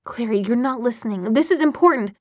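A woman's voice: a little high, lively intonation, a little fast, no echo, studio quality. A woman reading as a cocky young man. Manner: smooth, lightly mocking. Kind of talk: audiobook reading.

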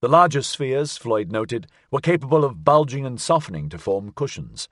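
A man narrating an audiobook in an expressive, measured way. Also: mid-range voice, no room sound, studio quality. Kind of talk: scripted narration.

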